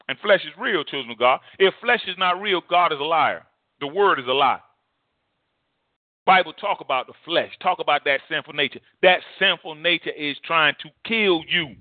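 Impassioned preacher on a tinny line. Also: male voice, on the high side, animated, moderate pace, no room sound. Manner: impassioned, repetitive, emphatic preaching. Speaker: pastor. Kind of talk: sermon.

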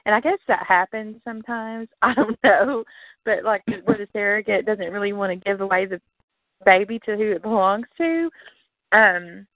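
Chatty woman cohost, gravelly voice, dry tinny phone sound, laughs a lot. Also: mid-range voice, moderate pace, no echo. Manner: animated, laughs often, acts out her own reactions. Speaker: podcast co-host. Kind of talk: casual chat.

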